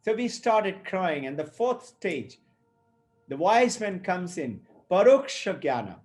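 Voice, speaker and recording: A man's voice: sits high, big pitch swings, slow pace, darkish tone, soft background music. A man teaching scripture, telling stories and acting out the people in them. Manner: storytelling, acts out quoted speakers. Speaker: spiritual teacher. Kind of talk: explanatory talk on scripture.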